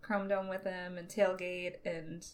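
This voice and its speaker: A woman's voice: fairly low pitch, flat delivery, unhurried, darkish tone. A young woman co-hosting a casual podcast about comics, enthusiastic and laughing often as she gushes about the story. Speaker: podcast co-host.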